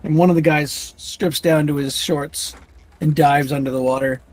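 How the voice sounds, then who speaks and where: A man's voice: a little high, fairly even intonation, moderate pace, slight background noise. A man narrating as game master of a tabletop game, rambling with frequent restarts.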